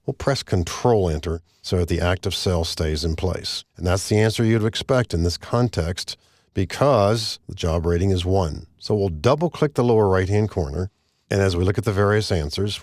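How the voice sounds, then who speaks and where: A man narrating a screen-recorded software tutorial, explaining each step in a measured, methodical way. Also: deep voice, dry recording, clean studio sound. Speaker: software instructor.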